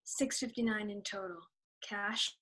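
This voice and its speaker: A woman acting student delivering a line in a quiet, husky near-whisper during an acting exercise. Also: medium pitch, steady tone, measured pace, noisy background.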